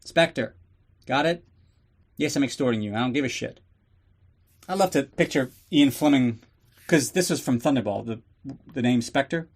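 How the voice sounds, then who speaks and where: A man's voice: medium pitch, normal speed, long pauses. A man hosting a podcast, giving a casual, sarcastic and profane recap of a movie. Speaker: podcast host.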